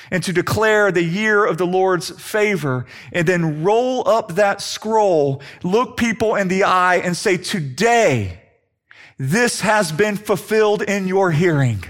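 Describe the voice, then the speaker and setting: A man preaching a sermon, slowing down and dropping his voice low for emphasis. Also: fairly bright tone. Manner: dramatic, slows down and drops low for emphasis.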